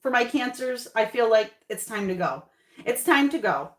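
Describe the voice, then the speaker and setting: A woman with a fairly high voice gives a casual, chatty tarot reading straight to her viewers. She reassures them warmly and repeats her phrases for emphasis. The room around her rings with echo. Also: lively intonation, normal speed. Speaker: tarot reader. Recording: echoey room.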